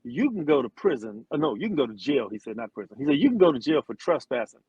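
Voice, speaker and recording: A middle-aged man spins a long tale, slipping into the voices of the people he quotes and restarting his sentences as he goes. His pitch is mid and his sound is dry and close. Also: quick pace, few pauses, breathy edge, no echo, muffled recording. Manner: animated storyteller, acts out quotes, frequent restarts. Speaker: interview guest, former football player and singer. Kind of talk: casual storytelling interview.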